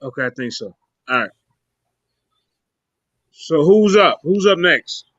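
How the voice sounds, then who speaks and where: Bright, high-voiced man hosting an online call. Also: lively intonation, takes it slowly, no echo. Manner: emphatic, stumbling restarts, cuts in to steer the talk. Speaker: livestream debate show host. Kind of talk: casual online group chat. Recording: dull lo-fi online call audio.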